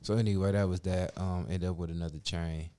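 A man's voice: low-pitched, fairly even intonation, a little fast, dark tone, smooth. A man telling a long story in laid-back, profane casual chat.

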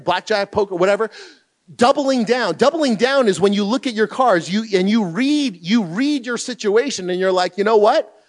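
A male pastor delivers a sermon in a high-pitched voice. His delivery is animated and emphatic, swinging widely in pitch and rising into loud bursts on key phrases.

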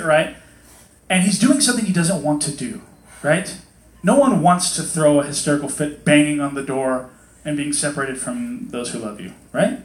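A man preaching a casual sermon to a congregation in a hot hall, chatty and animated, acting out quotes in different voices. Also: fairly high pitch. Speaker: pastor. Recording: echoey hall.

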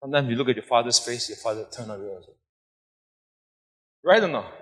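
Impassioned preacher in echoing hall. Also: male voice, mid-range voice, animated, a little fast. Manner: impassioned preaching, swinging from soft to loud, repeating phrases for emphasis. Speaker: pastor. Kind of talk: sermon. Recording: long hall reverb.

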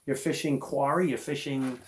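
A man hosting a podcast, telling a hunting yarn in relaxed, casual conversation. He talks at an everyday middle pitch and jumps into high, loud voices whenever he plays the other people in the story. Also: moderate pace. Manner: animated storyteller who acts out voices of others. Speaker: podcast host.

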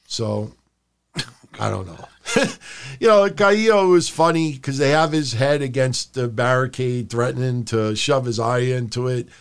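A man's voice: medium pitch, a little slow, clear, resonant tone. A man co-hosting a wrestling podcast, talking casually and profanely, acting out his rants in a raised voice. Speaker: podcast co-host.

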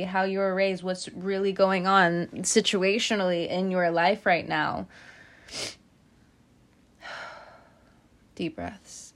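A woman giving a casual tarot reading to her viewers. She is gentle and tearful, often laughs and breaks off mid-sentence. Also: fairly low pitch. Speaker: tarot reader.

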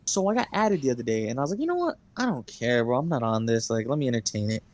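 A man's voice: medium pitch, sing-song, fast, darkish tone. A young man co-hosting a podcast, telling long stories in casual chat, full of fillers and swearing. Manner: rambling storyteller, heavy swearing and fillers. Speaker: podcast co-host.

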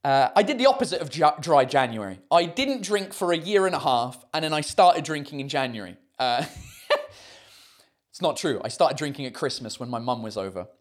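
A man's voice: a little high, expressive, normal speed. Rambling man chatting. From United Kingdom. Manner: rambling, swearing, many fillers. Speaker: host. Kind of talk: casual livestream chat.

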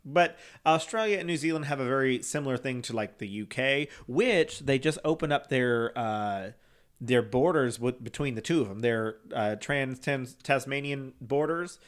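A man's voice: medium pitch, normal speed, clean tone. A man co-hosting a podcast, chatting casually in a campy, talkative way with lots of fillers and swearing. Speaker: podcast co-host. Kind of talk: casual chat.

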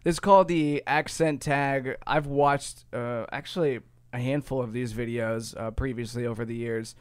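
A man's voice: medium pitch, fairly even intonation, normal speed, clean tone, dry recording. A man from Ohio with a Midwestern accent, co-hosting a casual chat and explaining things in a rambling, self-correcting way. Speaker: podcast co-host.

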